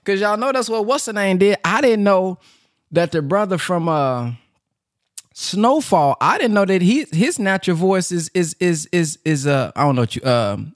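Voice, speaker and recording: A man hosts a call-in program with a bouncy, swooping delivery. He sounds excited and casual, slang sprinkled through his talk. The sound is dry and close, his pitch sitting a little high. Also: no room sound. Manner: animated, enthusiastic, casual slang. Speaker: host.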